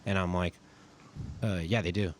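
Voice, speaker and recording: A man's voice: low-pitched, fairly even intonation, normal speed, slight background noise. A young man in his twenties from California, a podcast guest and army sergeant telling casual, rambling stories full of "like.". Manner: rambling, filler-heavy with frequent "like". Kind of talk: casual storytelling.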